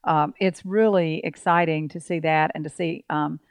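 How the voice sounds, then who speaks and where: A woman's voice: low voice, steady tone, normal speed, clear, resonant tone, no room sound, studio quality. Earnest woman co-hosting a farm show. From Alabama, US. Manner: warm and earnest, with many ums. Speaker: co-host of a farm radio show. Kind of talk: casual radio chat.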